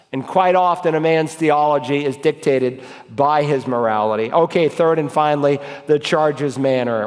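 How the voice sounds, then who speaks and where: A middle-aged man preaching an expository sermon, emphatic and building to forceful exhortation. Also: fairly high pitch, long reverb tail.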